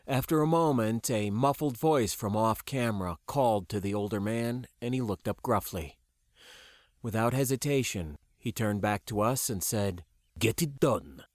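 A man narrating a science-fiction audiobook in a measured, even storytelling voice. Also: lowish voice, no echo, studio quality.

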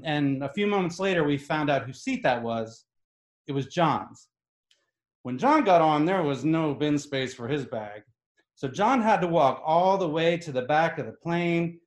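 A man recounts a comic tale to a live audience, sounding exasperated and lively. His voice sits a bit high for a man and emphasises his points heavily. The recording picks up a noticeable echo from the room.

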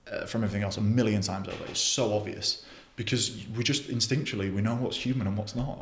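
Young guy, rapid blunt podcast guest, fairly low voice, swears a lot, echoey room. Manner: blunt, frequent swearing, many restarts. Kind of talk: casual interview chat.

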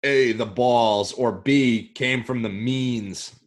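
A man co-hosting a podcast, chatting casually in a laid-back, halting way. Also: medium pitch. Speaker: podcast co-host. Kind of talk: casual chat.

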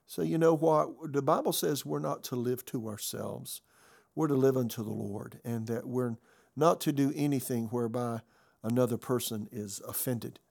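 A man's voice: medium pitch, normal speed, creaky, a little mellow. An older male pastor giving a conversational sermon, telling a story earnestly and often restarting and repeating words.

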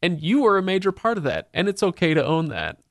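A man with a slightly high voice and a gravelly, fry-edged tone hosts a casual book podcast. He chats eagerly and shares trivia. The sound is dry and close. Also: wildly swooping pitch, fast, no echo. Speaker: podcast host.

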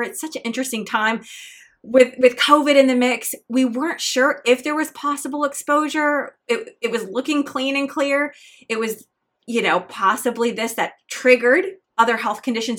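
Earnest, fairly high-voiced woman podcast host. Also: moderate pace, a bit bright. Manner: earnest, encouraging, faith-tinged. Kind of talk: solo motivational podcast monologue.

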